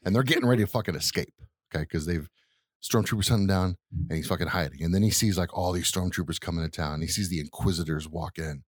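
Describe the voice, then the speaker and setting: Deep voiced podcast guy, swears a ton, acts out every quote, dry close mic. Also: fast, no echo. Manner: profane, animated retelling with acted-out quotes. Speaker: podcast co-host. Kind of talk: casual chat, retelling a show scene.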